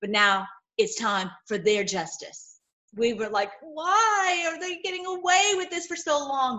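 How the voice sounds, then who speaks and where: A woman giving an informal, impassioned sermon, swinging between loud outbursts and low murmurs, with many repeated words. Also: animated, measured pace. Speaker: preacher.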